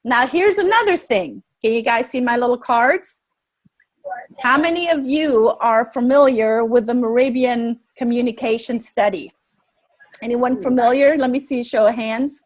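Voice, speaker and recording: A woman teaching a live webinar, energetic and quizzing her audience with questions. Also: on the high side, normal speed. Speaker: webinar presenter.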